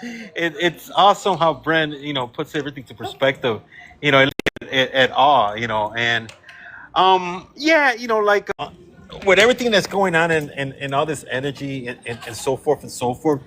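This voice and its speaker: A man on a video call, a panelist who speaks in halting, hesitant bursts packed with fillers. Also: on the high side, big pitch swings, fairly bright tone, a little hiss or hum. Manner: halting, full of "you know" fillers. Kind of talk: casual panel talk.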